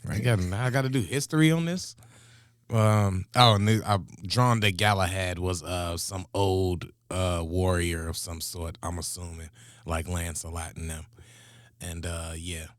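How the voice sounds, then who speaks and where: Laid-back low-voiced man hosting. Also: steady tone, measured pace, dry recording, clean studio sound. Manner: laid-back, chuckling, giving shout-outs. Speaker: reaction show host. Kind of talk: casual reaction chat.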